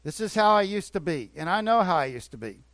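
A man's voice: high voice, sing-song, fast, fairly bright tone, no echo. A man preaching a sermon as a pastor, talking earnestly and conversationally, repeating phrases for emphasis. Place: church.

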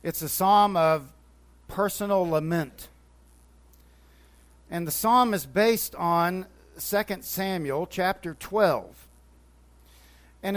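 A man teaching from the Bible, retelling scripture stories with quoted dialogue and frequent restarts. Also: sits high. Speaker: preacher.

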